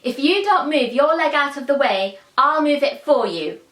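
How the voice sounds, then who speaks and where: A woman voicing a hot-tempered, boastful young prince who shouts when he is cross, in an echoey room. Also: on the high side, measured pace, background noise, lightly acted. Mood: angry. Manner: shouting, indignant.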